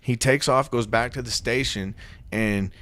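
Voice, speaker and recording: A man's voice: mid-range voice, measured pace, fairly bright tone, no room sound. A man co-hosting a casual podcast, telling stories in a profane, slangy way and acting out the quotes. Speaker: podcast co-host. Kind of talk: casual storytelling chat.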